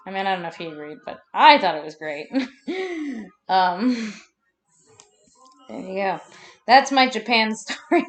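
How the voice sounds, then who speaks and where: A woman's voice: mid-range voice, lively intonation, measured pace, long pauses, a bit bright, soft background music. A woman in her thirties telling personal stories to camera in a chatty, rambling way, laughing as she goes. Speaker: vlogger. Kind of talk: casual personal storytelling.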